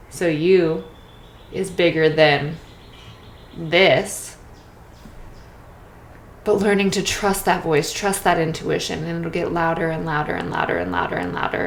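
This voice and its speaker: Candid chatty woman podcaster, echoey room. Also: fairly low pitch. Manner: chatty, candid, peppers talk with "right?" and casual swearing. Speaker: podcast host. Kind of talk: casual solo podcast monologue. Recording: echoey room with faint noise.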